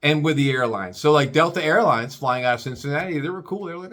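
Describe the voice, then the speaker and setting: A man's voice: on the high side, animated, quick pace, hardly any pauses, fairly bright tone. A man ranting in a rambling, crude comic way, stammering and restarting often.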